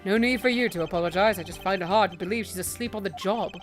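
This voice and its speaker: A poised, stiff male prosecutor in a game, as a woman acts him out, speaking low and measured. His words come formal and even, the voice dropped below her usual pitch, with faint music behind. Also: lightly acted. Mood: composed.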